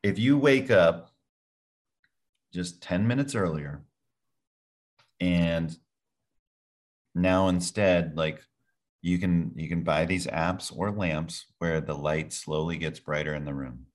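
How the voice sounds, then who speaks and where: A man's voice: rumbling low, fairly even intonation, slow, pauses often. A man answering as a podcast guest, energetically walking the listener through his daily routine step by step. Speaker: product formulator.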